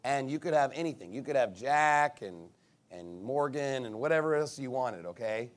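A man's voice: mid-range voice, animated, normal speed. A man preaching a casual, conversational sermon, telling stories and mimicking other people's reactions. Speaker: pastor.

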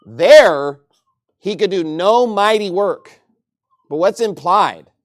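A man from Texas preaching a sermon in a lively, joking and emphatic way. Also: sits high, slow.

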